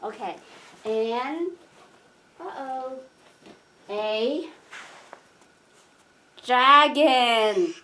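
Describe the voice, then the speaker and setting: Mom playing with her toddler, high and bouncy, talks real slow and sing-songy. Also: lively intonation, sharp tone, a little hiss or hum. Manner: slow, sing-song, coaxing, teacherly. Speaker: mother.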